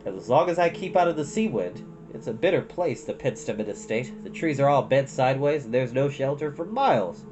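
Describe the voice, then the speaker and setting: A storyteller voicing a vain, theatrical young wizard who is hoarse and croaky from a cold, with music behind. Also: medium pitch, animated, a little fast, hardly any pauses, muffled recording, natural voice. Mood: self-pitying. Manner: self-pitying, theatrical.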